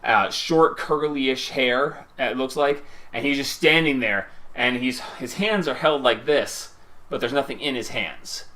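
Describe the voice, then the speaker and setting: A man's voice: medium pitch, measured pace, sharp tone. A man running a tabletop game as game master, describing the scene in a rambling way with many fillers.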